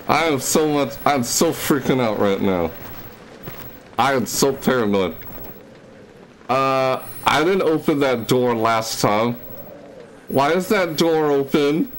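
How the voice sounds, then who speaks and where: Young male let's-play host, nervous horror commentary, lively pitch, unhurried delivery, noisy background. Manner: jittery, scared, talks to himself; jumps into high yelps when startled. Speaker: gaming YouTuber. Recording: steady background noise.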